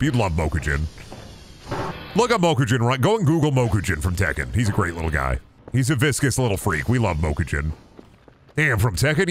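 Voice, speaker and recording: A man with a fairly low voice and a very lively, swinging pitch chats to his live-stream audience while he plays. He swears freely and rambles excitably. Faint background noise sits under the voice. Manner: profane, excitable, talks to chat. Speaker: game streamer. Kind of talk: casual live-stream commentary.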